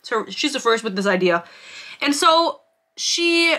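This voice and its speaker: A woman's voice: a little high, animated, a little slow, pushed and bright. A woman giving a casual, sarcastic book review rant, swearing freely and laughing often.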